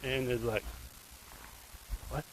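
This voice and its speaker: A man with a mid-range voice speaks slowly and steadily, casually retelling a true crime case. He rambles, sounds emotionally invested, and makes asides to the viewer. The recording is low quality with slight background noise.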